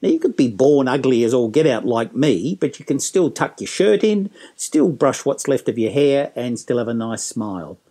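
A middle-aged man, a business trainer telling lively stories and acting out quotes in a casual interview. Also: mid-range voice, normal speed, hardly any pauses, slightly rough. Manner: animated storyteller, acting out quotes.

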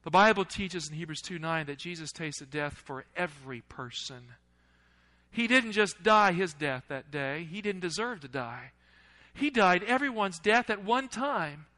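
Guy preaching a sermon, high bright voice, gets loud then goes real quiet. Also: animated, a little slow, low-quality recording. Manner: dramatic, swings between loud and hushed; asks the audience questions.

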